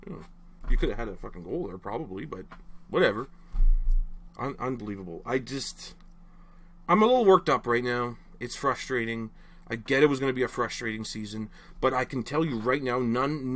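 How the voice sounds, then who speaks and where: A man's voice: mid-range voice, fairly bright tone. A young man ranting casually to camera as a frustrated hockey fan, rambling and exasperated, apologizing after his outbursts.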